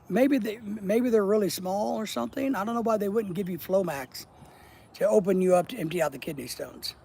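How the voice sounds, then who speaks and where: A man's voice: high voice, creaky, darkish tone, breathy edge, poor audio. A man hosting a casual live stream outdoors at night, reading viewer comments aloud and teasing them in a blunt, profane, joking way.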